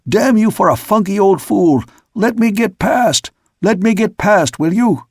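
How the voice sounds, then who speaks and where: A man voicing a frantic sailor who shouts and pleads with his crewmates high up in the rigging. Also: moderate pace, no echo, studio quality, close to an everyday voice. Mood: furious.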